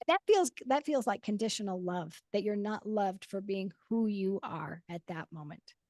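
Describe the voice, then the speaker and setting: A woman's voice: mid-range voice, expressive, normal speed, darkish tone, dry recording, clean studio sound. A woman hosting a casual interview, affirming her guest and laughing along. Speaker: podcast host.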